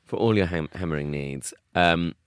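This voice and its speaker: A man's voice: low voice, moderate pace, clean tone, no room sound. A man co-hosting a podcast in casual comedic chat, dry and teasing as he riffs along with his co-host.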